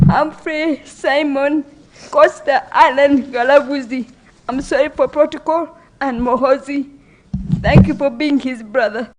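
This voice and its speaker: A grieving woman giving a halting, emotional eulogy for her brother. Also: high voice. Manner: emotional, halting, voice breaking at times. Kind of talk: funeral eulogy.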